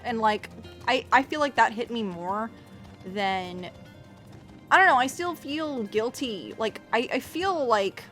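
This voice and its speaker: A woman's voice: a little high, lively intonation, slow pace, fairly bright tone, soft background music. A woman streaming a game, chatting casually to her viewers in a rambling, profane way, often restarting her sentences. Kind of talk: casual livestream chat while playing.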